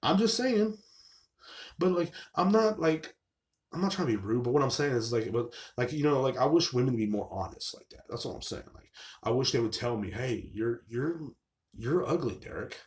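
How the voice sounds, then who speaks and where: A man's voice: mid-range voice, lively intonation, normal speed. A man hosting his own show, venting in a casual, rambling, sarcastic monologue full of profanity. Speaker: show host.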